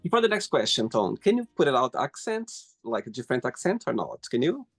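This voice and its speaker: A man's voice: mid-range voice, sing-song, fairly quick, over music. A male interview host asking casual questions in friendly, slightly broken English.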